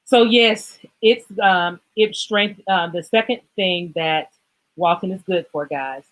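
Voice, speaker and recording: A woman with a fairly low voice hosts a casual fitness livestream. She rambles and apologizes as she goes, and she sounds choked up and emotional. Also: slow, low-quality recording. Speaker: livestream host.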